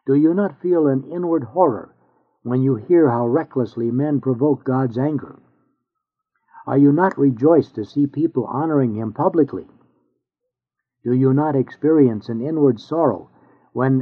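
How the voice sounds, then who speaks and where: A man's voice: medium pitch, breathy edge. Man reading a sermon, tinny sound. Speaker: reader of a sermon. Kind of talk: reading an old sermon aloud.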